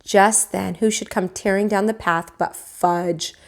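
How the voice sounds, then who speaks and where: A woman teacher reading a children's book aloud, with expressive, animated storytelling. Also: medium pitch, a little slow, vocal fry.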